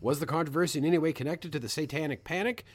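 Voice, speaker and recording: A man co-hosting a casual podcast chat, reading out listener comments with lively asides and the odd swear. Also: a little high, very fast, breathy edge. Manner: animated, swears, reads comments aloud with asides.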